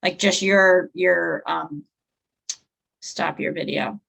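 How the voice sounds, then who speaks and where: A woman's voice: lowish voice, fairly even intonation, slow, creaky, a bit bright, poor audio. A woman facilitating a group discussion on a video call, conversational and thinking aloud with fillers as she talks.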